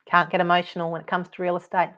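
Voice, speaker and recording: A woman's voice: on the low side, little pitch movement, racing, highs cut off. Blunt, chatty Australian woman podcaster. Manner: blunt, chatty, laughs at her own stories. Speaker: podcast host and buyer's advocate. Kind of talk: casual solo podcast talk.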